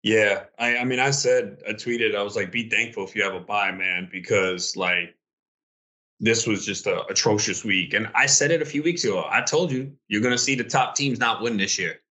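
Male co-host with a low, bright voice, laid-back and agreeable. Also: normal speed. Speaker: podcast co-host. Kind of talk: casual fantasy football chat.

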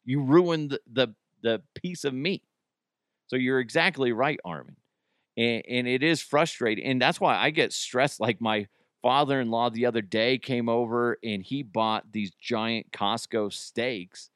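A man in his thirties hosts a casual solo podcast at a mid-range pitch. He rambles and jokes, swears freely, and laughs at his own bits. The sound is dry and close, with no room echo. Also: measured pace, a bit bright, clear, resonant tone. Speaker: podcast host.

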